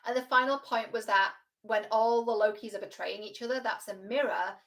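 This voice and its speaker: A woman relationship coach giving casual reaction commentary, frank and animated, swearing freely. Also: a little high, normal speed.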